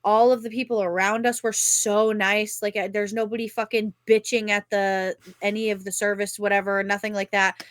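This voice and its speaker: A young woman, co-hosting a podcast and telling a rambling, animated story in casual chat, swearing freely. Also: medium pitch, normal speed, hardly any pauses, dry recording. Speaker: podcast co-host.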